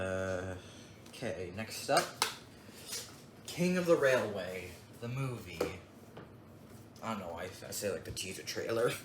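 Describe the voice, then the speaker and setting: Slow, rambling young man in an echoey room. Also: fairly low pitch. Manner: rambling, offhand, trails off and mutters asides. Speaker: collector showing his DVD collection. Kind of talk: casual unboxing vlog. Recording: echoey room with clear background noise.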